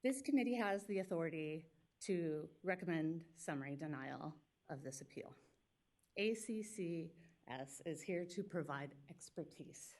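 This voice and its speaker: A woman attorney speaking for a school district, giving a formal legal argument at a public hearing in a quick, pointed, argumentative way. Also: sits low, expressive, darkish tone. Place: public meeting hearing room.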